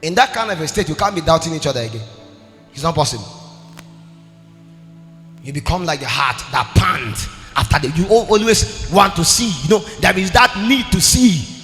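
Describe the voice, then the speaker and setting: Impassioned preacher, high and bright. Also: male voice, lively intonation, normal speed. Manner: impassioned, swings between shouting and sing-song. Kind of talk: sermon. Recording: long hall reverb with faint music.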